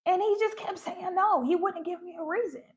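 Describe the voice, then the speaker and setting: A young woman hosting a spiritual livestream, earnestly retelling personal dreams and signs with animated quoted lines. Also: very high voice, a little fast. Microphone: phone livestream.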